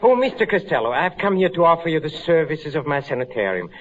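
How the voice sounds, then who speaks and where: An actor playing a creepy, soft-spoken sanitarium doctor in 1940s radio comedy, sinister and insinuating. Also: male voice, on the high side, big pitch swings, quick pace, very noisy. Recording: dull old radio recording.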